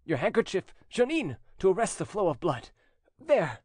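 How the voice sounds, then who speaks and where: A man's voice: very animated, normal speed, a little mellow, husky, no echo, clean studio sound, full character voice. A man voicing an agitated French nobleman, emotional and pleading. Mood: frantic. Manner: emotional, pleading, high-strung.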